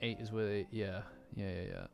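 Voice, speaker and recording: This Nottingham streamer has a lowish, darkish voice with vocal fry and wildly swooping pitch, talking at a moderate pace in a Nottingham accent. He reacts to a manga chapter live, reading to his chat casually, rambling, getting distracted and making fun of himself, with faint lofi music behind him.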